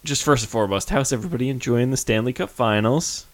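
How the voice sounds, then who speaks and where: A man hosting a casual podcast, talking quickly and insistently and laughing easily. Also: medium pitch. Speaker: podcast host.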